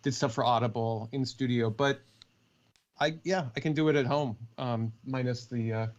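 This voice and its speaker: A man's voice: mid-range voice, moderate pace, dull audio. A man who narrates audiobooks, chatting as a guest in an easygoing way with frequent laughs. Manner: easygoing, laughs often, many fillers. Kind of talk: casual interview chat.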